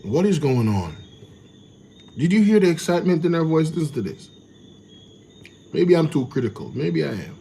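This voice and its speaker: A man's voice: a little high, sing-song, moderate pace, gravelly, long pauses, warm tone, a little hiss or hum. A man reacting to news clips in casual commentary, incredulous and ranting. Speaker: reaction channel host.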